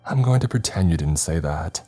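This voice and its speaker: A man's voice: low-pitched, animated, moderate pace, dark tone, soft background music. A man voicing a tense, curt wife in a told horror story. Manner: urgent, curt. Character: tense, sharp-tongued adult wife and mother.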